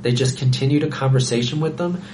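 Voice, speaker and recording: Young guy guesting on a podcast, animated storytelling, acts out voices, bit of faint noise. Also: medium pitch, fast talker. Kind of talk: casual chat, storytelling.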